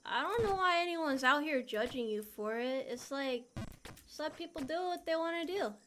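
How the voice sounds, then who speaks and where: Bright, high-voiced young woman streamer. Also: lively intonation, moderate pace, a little hiss or hum. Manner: playful, reads and answers chat. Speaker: VTuber streamer. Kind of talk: casual gameplay chat with viewers.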